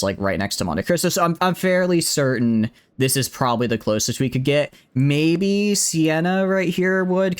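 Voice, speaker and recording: A man's voice: medium pitch, clear, resonant tone. A man streaming a strategy game live, chatting casually with his viewers, rambling and poking fun at himself as he greets people in chat by name. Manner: rambling, self-deprecating, frequent restarts and fillers.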